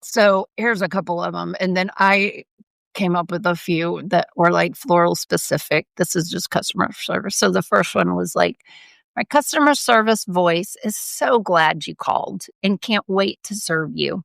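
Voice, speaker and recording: A woman co-hosting a casual podcast chat, her voice carrying a gravelly edge. She talks emphatically and breaks into laughter often, and the sound is close and dry with no room around it. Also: on the low side, normal speed, fairly bright tone, no echo. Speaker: podcast co-host.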